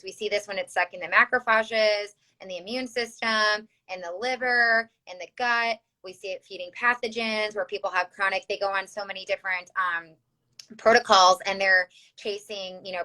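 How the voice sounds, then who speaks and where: A woman with a Chicago accent talks through a health topic as a podcast guest. Her voice is bright and forward, and she fills her explanations with "um" and restarts. She builds her points around an extended analogy. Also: mid-range voice, poor audio. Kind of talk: conversational podcast interview.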